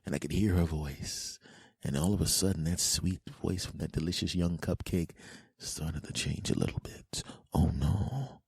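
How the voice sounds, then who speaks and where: A man hosting a podcast, telling a comic story in an animated, self-mocking way and acting out voices. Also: low voice, normal speed, creaky, breathy edge. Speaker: podcast host. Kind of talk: comedic storytelling monologue.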